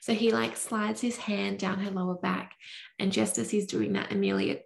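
A woman's voice: mid-range voice, very animated, moderate pace, vocal fry. A woman co-hosting a podcast, retelling a book plot in a laid-back, casually profane way. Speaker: podcast co-host. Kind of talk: casual book-recap chat. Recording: roomy echo.

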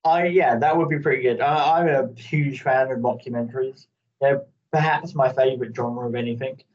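A man chatting casually on a podcast, sweary and animated, often ranting. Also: medium pitch, moderate pace. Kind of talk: casual chat. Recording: distant, dull lo-fi mic.

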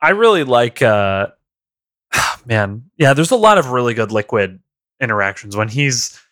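A man co-hosting a game podcast in casual chat, animated and quick to laugh. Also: medium pitch, no room sound, studio quality. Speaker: podcast co-host.

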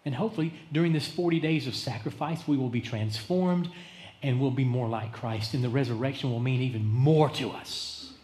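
A male pastor preaching a sermon, dramatic, swinging between loud emphasis and hushed tones. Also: medium pitch, moderate pace. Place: church sanctuary. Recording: echoey church sanctuary.

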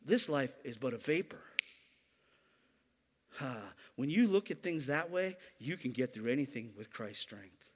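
A man's voice: a little high, big-room sound. A man preaching a sermon to his church, emphatic and repeating key lines, teasing the congregation now and then. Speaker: pastor.

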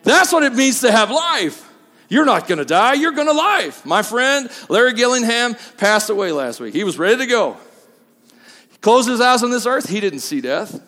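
A male pastor preaching a sermon, moving from quiet asides to loud, emphatic peaks. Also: very high voice, sing-song, moderate pace, in a large hall.

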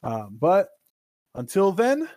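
A man's voice: sits high, wildly swooping pitch, takes it slowly, darkish tone, no room sound. Give me a joking, swearing male podcast host on a dry close mic. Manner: rambling, swears freely, jokey. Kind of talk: casual podcast chat.

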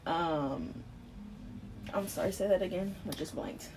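A woman's voice: lowish voice, measured pace, background noise. A young woman in a casual discussion, mostly giving short agreeing replies and sometimes losing her train of thought. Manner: brief, agreeing interjections. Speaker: guest.

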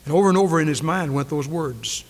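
A male preacher delivering a dramatic sermon, repeating key phrases and swinging between loud declarations and hushed lines, on a 1990s church recording. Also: on the high side, lively intonation, quick pace, in a large hall.

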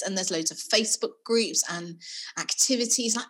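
Woman, podcast co-host, bright clear tone, casual and self-deprecating. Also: fairly high pitch, fairly quick. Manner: chatty, laughing, self-mocking. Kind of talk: casual chat.

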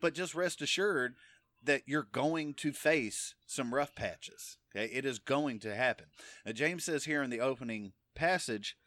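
A man's voice: medium pitch, expressive, measured pace, sharp tone, dry recording, clean studio sound. A middle-aged man teaching from the Bible in a casual, emphatic way, often checking in with "okay?". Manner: conversational, emphatic, frequent "okay?" check-ins. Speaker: preacher.

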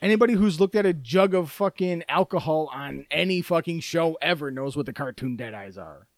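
A man's voice: a little high, expressive, brisk, no echo, clean studio sound. A man co-hosting a casual podcast chat, blunt and exasperated, swearing heavily as he shuts down arguments. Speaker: podcast co-host.

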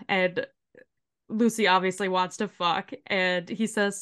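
A woman's voice: mid-range voice, takes it slowly, pauses often, clean tone. A young adult woman co-hosting a podcast, casually recapping an episode with lots of swearing and laughter. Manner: swearing, laughing, animated retelling. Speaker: podcast co-host.

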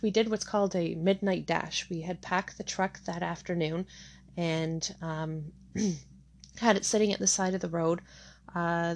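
A middle-aged woman telling her own hard story candidly, with many fillers and restarts. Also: fairly low pitch. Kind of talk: personal testimony.

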